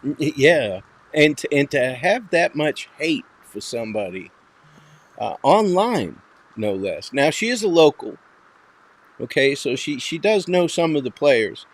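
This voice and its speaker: A man's voice: fairly high pitch, sing-song, measured pace. Male host, Boston accent, profane and rambling, casual talk-show chat.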